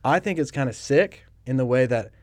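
A man's voice: medium pitch, animated, fairly quick, dry recording, clean studio sound. A young man who narrates audiobooks, telling self-deprecating stories in casual, profane podcast chat.

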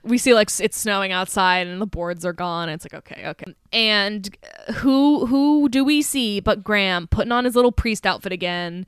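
A woman's voice: mid-range voice, normal speed, clean tone, no room sound, clean studio sound. A young woman co-hosting a podcast, casually retelling movie scenes with lots of swearing and quoted lines. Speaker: podcast co-host.

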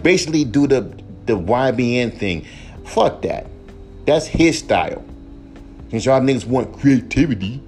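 A man's voice: medium pitch, darkish tone. Young guy ranting on his podcast, cussing a lot, voice jumping all over, bit of music in back. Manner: heated, profane, repetitive emphasis. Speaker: podcast host, rapper. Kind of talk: profane solo rant.

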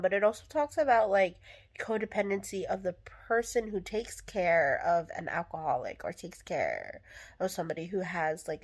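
Candid rambling young woman podcaster. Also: medium pitch. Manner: rambling, filler-heavy, candid and emotional. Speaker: podcast host. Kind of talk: casual solo podcast monologue.

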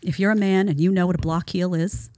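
A woman's voice: on the low side, fairly even intonation, brisk, a little mellow, dry recording, studio quality. A woman hosting a reaction commentary show, talking emphatically and sarcastically, often calling people "honey" and asking her audience to agree. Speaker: show host.

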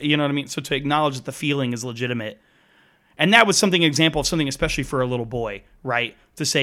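A man's voice: mid-range voice, fast talker, a bit bright. A man in his thirties, a father talking through parenting ideas in a casual chat, thoughtful and rambling with many restarts. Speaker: podcast co-host, father.

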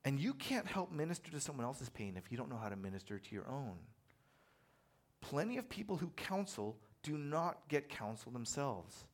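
A man preaching a sermon in a conversational, animated way, telling personal stories with self-deprecating humor. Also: mid-range voice, normal speed. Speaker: pastor.

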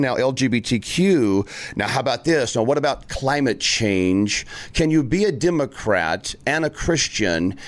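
A male podcast host talking politics in a mid-pitched voice, firing rhetorical questions one after another. He talks emphatically and breaks in with sudden exclamations. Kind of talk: opinionated political talk.

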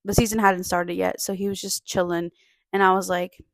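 A young woman in casual chat, talking in a relaxed, rambling way with many fillers. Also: fairly low pitch, a little fast, creaky, dry recording.

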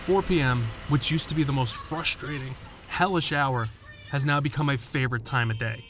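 A man's voice: medium pitch, normal speed, noisy background. A man narrating his own story in a scripted, blunt and profane first-person telling.

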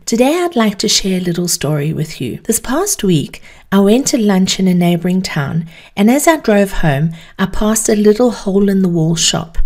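A woman hosts a short motivational podcast and shares a personal story. Her pitch sits in an ordinary middle range, and her pace stays measured and unhurried. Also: mellow. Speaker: podcast host.

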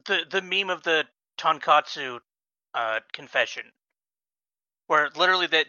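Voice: medium pitch, bright, forceful tone, dry recording, dull audio. A podcast co-host in casual chat, rambling with many ums and restarts.

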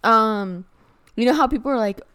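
Brief: young female podcast co-host, loose rambling chat, heavy filler words, loud laugh. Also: on the high side, normal speed, clear, resonant tone. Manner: rambling, says "like" and "dude" a lot, laughs loudly. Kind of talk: casual chat.

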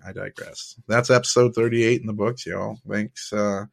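A man's voice: fairly low pitch, steady tone, normal speed, gravelly. A young man with a laid-back, chatty manner, hosting a casual sports podcast and telling stories with easy laughs. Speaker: podcast host. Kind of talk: casual sports recap and storytelling.

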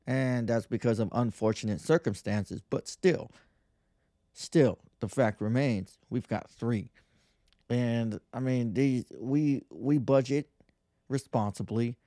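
Slow and dark-toned, a mid-range male voice comes through clean studio audio with no room sound. The speaker, a podcast host in his thirties, rants in a casual monologue that's brash, crude, and mocking, complete with whiny impressions of others.

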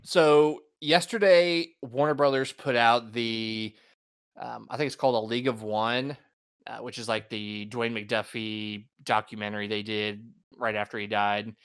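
Man podcast co-host, relaxed and chatty, smooth voice. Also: mid-range voice, measured pace. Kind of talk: casual podcast chat.

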